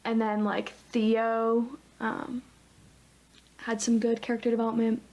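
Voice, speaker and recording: A woman's voice: a little high, monotone, unhurried, a little mellow. A young woman co-hosting a podcast, chatting casually and rambling with many "um"s and "like"s. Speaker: podcast co-host. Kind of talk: casual chat.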